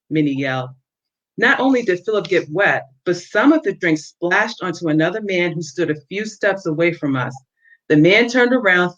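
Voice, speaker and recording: A woman author reading her own novel aloud on a livestream, with steady, expressive storytelling. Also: lowish voice. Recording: dull lo-fi audio.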